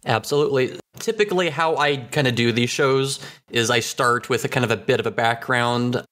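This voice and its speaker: Male podcast host from the US, mid-pitched, casual and loose, lots of "uh" and "you know". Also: normal speed. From United States. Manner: relaxed, rambling, many fillers.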